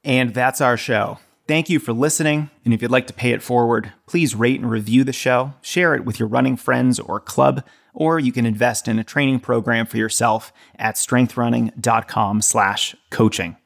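A man hosts a running podcast with a gravelly, fry-tinged voice at a middle pitch. He talks with friendly enthusiasm, stopping now and then on ums and restarts. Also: normal speed, hardly any pauses. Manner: enthusiastic, friendly, with filler words. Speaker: podcast host. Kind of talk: casual podcast interview.

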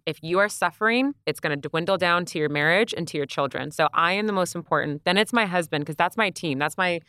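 Mom on a podcast, smooth lowish voice, talks like a pep talk, really emphatic. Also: female voice, fast, bright, forceful tone, no echo, studio quality. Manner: emphatic, motivational, acts out quoted voices. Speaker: podcast guest. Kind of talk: casual chat.

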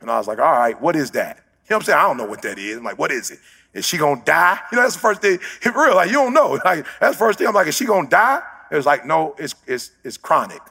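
Male motivational speaker, gravelly and husky, slangy storyteller who shouts his points. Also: fairly high pitch, big pitch swings, fast, few pauses, big-room sound. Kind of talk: storytelling speech.

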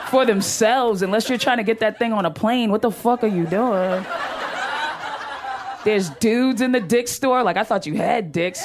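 A young woman works a stand-up set on a club stage, loud and brash, swearing freely and chuckling at her own punchlines. Her voice sits at an ordinary middle pitch for a woman. Faint room noise from the live show hangs behind her. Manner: brash, profane, laughing through punchlines. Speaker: stand-up comedian. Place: comedy club stage with audience.

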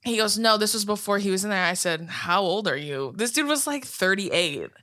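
A woman in her twenties from California, co-hosting a podcast in casual chat, telling animated stories, swearing freely and laughing often. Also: mid-range voice, a little fast. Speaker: podcast co-host.

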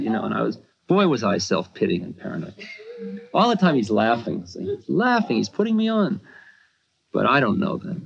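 A man's voice: fairly low pitch, very animated, fairly quick, vocal fry, a crowd in the background. A man telling a personal story in a conversational, self-mocking way, with many asides. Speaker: spiritual teacher. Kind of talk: storytelling talk. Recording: dull lo-fi archive recording.

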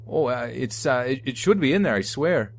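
A man's voice: medium pitch, expressive, moderate pace, pitched above the performer's own voice. A man voicing a terrified young man who stammers in a put-on Canadian accent. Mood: pleading. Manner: stammering, frightened.

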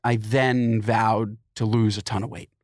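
A man co-hosting a podcast, chatting casually and joking with quick asides. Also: fairly low pitch, little pitch movement, a little mellow, dry recording. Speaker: podcast co-host. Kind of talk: casual chat.

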